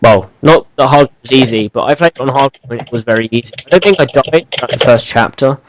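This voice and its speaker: A man's voice: medium pitch, fast, poor audio. A man co-hosting a casual gaming podcast, rambling and teasing, with lots of ums and restarts. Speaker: podcast co-host.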